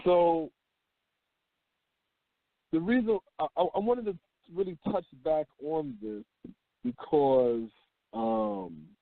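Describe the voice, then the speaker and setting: A man hosting a call-in talk radio show, speaking in an unhurried, reflective way and reading a news story aloud. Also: a little high, lively intonation, vocal fry, no echo. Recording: phone-line call-in audio.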